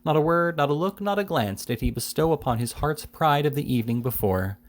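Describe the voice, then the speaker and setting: A man reading a classic novel aloud in steady narration. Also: a little high, a little fast. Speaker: reader.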